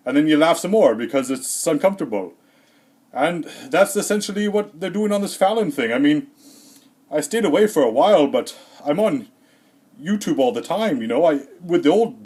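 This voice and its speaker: Rambling deadpan man in character as Santa. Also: on the high side, husky. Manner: deadpan, rambling, hesitant with many fillers. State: slightly out of breath. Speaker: comedic vlogger in character as Santa. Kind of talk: rambling comedic monologue.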